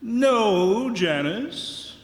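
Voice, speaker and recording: An actor playing a bumbling, boastful middle-aged banker turned farmer in a community radio play, blustery and quick to laugh. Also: male voice, high-pitched, animated, noisy background, exaggerated voice. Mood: jolly. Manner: blustery and jolly, laughs a lot. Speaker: lead character. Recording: roomy hall reverb.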